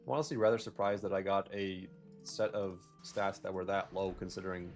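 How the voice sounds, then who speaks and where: Low-voiced young man rambling over gameplay. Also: fairly even intonation, fairly quick, faint music behind. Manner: rambling, self-correcting, jokey rants. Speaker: gaming video creator. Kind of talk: casual gameplay commentary with tangents.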